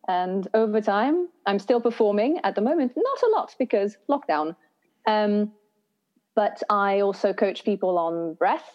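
A woman's voice: medium pitch, darkish tone. Woman guest, voice and breath coach; reflective and earnest; muffled, lo-fi recording. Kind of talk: conversational interview answers.

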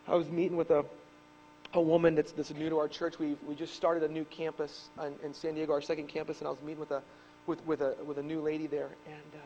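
High-voiced impassioned preaching man. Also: level tone, fast talker, muffled recording, faint music behind. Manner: impassioned, swinging between loud emphatic bursts and hushed asides. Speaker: pastor. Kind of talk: sermon. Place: church service with a live congregation.

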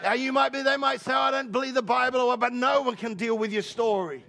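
Gravelly, high-voiced passionate male pastor. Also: steady tone, fairly quick, soft background music. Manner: passionate, rising to shouts, with laughs and repeated words. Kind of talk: sermon. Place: church service.

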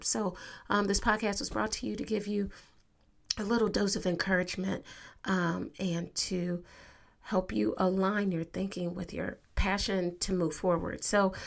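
Female podcast host, upbeat and conversational, addresses listeners directly, medium pitch. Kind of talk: motivational podcast monologue.

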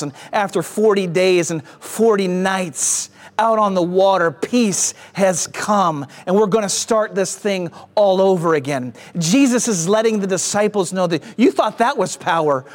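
Slow, emphatic church preacher. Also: medium pitch. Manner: emphatic preaching with rhetorical questions; swings from raised to hushed delivery. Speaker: pastor. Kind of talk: sermon. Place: church stage with slides behind.

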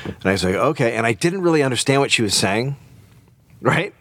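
A man's voice: mid-range voice, a little fast, slight background noise. A man telling a comedic story in casual podcast banter, swearing and acting out the voices in it. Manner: animated storytelling, swearing, acting out his own voice.

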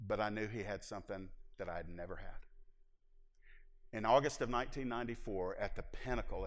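A middle-aged man preaching a personal testimony in church, moving from hushed confession to loud exhortation. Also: lowish voice. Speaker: preacher giving his testimony. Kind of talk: sermon testimony. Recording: long hall reverb.

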